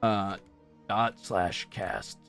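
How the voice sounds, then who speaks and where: A man's voice: deep voice, lively intonation, very slow, gravelly, fairly bright tone, faint music behind. A young man streaming a game, chatting playfully with viewers and joking around, sometimes muttering to himself while he types. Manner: playful, joking, drifts into mumbling while typing. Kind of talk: casual gaming livestream chat. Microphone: close streaming mic.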